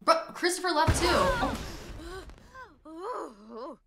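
A woman giving animated let's-play commentary, playfully narrating what her game character does and sometimes breaking into loud shrieks and laughter. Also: a little high, moderate pace, over music. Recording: roomy echo with clear background noise.

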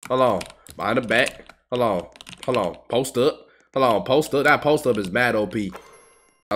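A young man giving casual gameplay commentary as a streamer, full of profane trash talk aimed at his opponents and quick bursts of excitement. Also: mid-range voice, slight background noise. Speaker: gaming streamer.

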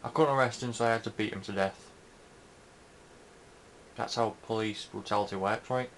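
A young man quietly commenting on a video game he is playing at home, keeping his voice low so he won't wake someone. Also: fairly even intonation, normal speed, a little hiss or hum, low-quality recording. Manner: talking softly so as not to wake someone. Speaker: gamer recording gameplay commentary. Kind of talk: quiet casual gameplay commentary. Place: indoors at home.

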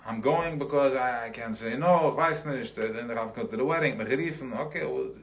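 A man's voice: mid-range voice, a little fast. A man teaching a live class in a loose, conversational way, mixing in Yiddish terms, checking in with his listeners and acting out everyday examples. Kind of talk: live recorded Chassidic class.

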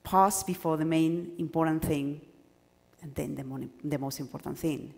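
A woman whose first language is Spanish gives a lively workshop lecture to doctoral students, acting out examples and often restarting her sentences. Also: low-pitched, moderate pace, creaky. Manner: animated, acts out examples, stumbles and restarts. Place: lecture hall. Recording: lecture hall with long reverb.

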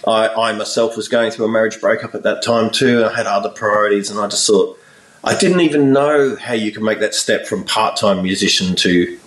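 A man with a lowish voice tells a long story in a relaxed interview, putting on the voices of the people in it. The sound is roomy, with echo, and he sits a little back from the mic. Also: a little fast, distant mic. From Australia. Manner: animated storyteller, acts out voices in his anecdotes. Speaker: guest musician.

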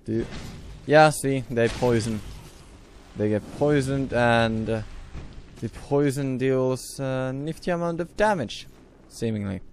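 A young man giving casual gameplay commentary who swears a lot and bursts out loudly at sudden mishaps. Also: medium pitch, takes it slowly, slight background noise. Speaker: let's play host.

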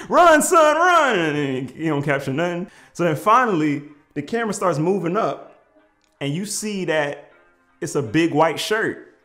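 A man telling a funny personal story in casual slang, animated and prone to shouting out the lines he quotes. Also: on the high side, normal speed, faint music behind. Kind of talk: comedic storytelling.

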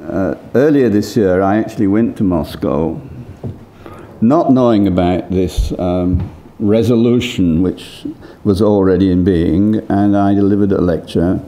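A man's voice: sits low, measured pace, mellow. An older man giving impromptu academic remarks, hesitant, with many fillers and restarts. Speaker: lecturer.

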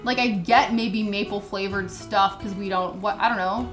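A woman's voice: medium pitch, fairly even intonation, normal speed. A woman vlogger chatting casually as she reads a recipe list, with sarcastic, indignant commentary. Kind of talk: casual chat while reading a recipe list. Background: soft background music.

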